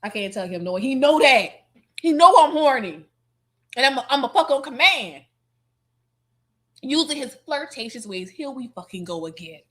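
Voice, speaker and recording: A woman streamer giving sassy, mocking reaction commentary, heavy on slang and loud laughter. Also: high-pitched, expressive, normal speed, long pauses.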